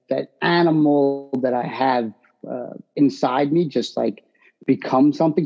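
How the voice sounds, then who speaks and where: A man, a boxer giving brash, animated answers in an interview. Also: fairly high pitch, highs cut off.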